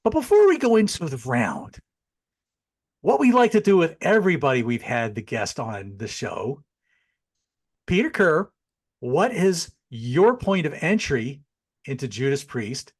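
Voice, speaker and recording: A middle-aged man hosting a casual online chat show. His pitch sits a bit high and swings widely as he talks. He's animated and chatty, and he often drifts into asides. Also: a little slow, slightly rough. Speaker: podcast host. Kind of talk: casual chat over a video call.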